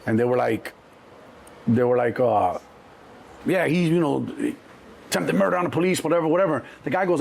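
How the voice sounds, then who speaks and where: Man, 60s, Chicago accent, husky, slightly high voice; lively raconteur who re-enacts every character. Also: moderate pace, long pauses. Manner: animated storyteller, acts out quoted voices, many restarts. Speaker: interview guest. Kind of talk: casual storytelling interview.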